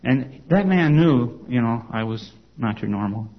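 Gravelly man telling his testimony. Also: mid-range voice, animated, a little slow, dull audio. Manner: conversational storytelling with frequent "you know" and "okay?" asides. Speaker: former congregation elder giving testimony. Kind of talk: personal testimony talk to an audience.

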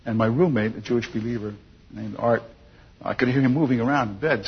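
An older man telling his personal testimony to an audience as a chuckling, lively storyteller. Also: mid-range voice, a little fast, husky. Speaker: speaker giving a personal testimony. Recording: dull lo-fi recording with long hall reverb.

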